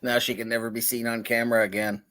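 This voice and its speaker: A man's voice: mid-range voice, flat delivery, quick pace, a bit bright. A man chatting casually on a video call, rambling with lots of filler words and chuckling often. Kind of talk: casual chat.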